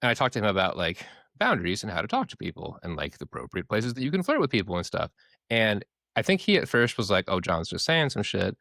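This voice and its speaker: A podcast co-host, a man with a low voice, talks in a loose, candid ramble and swears freely. He acts out the people in his stories with quick voices of their own. The sound is dry and close. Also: huge pitch swings, a bit bright, no room sound. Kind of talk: casual discussion.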